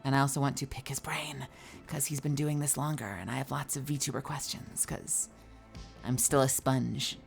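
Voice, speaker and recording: Yawning and worn out, a young woman talks casually to her livestream audience, reading their messages and swearing from time to time. Her extremely low voice stays steady and moderately paced, with vocal fry. Music plays faintly in the background.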